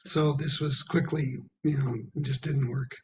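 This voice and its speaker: Man presenting with frequent throat clearing. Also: mid-range voice, little pitch movement. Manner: halting, many ums and throat clearing. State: losing his voice. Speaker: architect presenting to a planning commission. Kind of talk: public meeting presentation. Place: town hall meeting room.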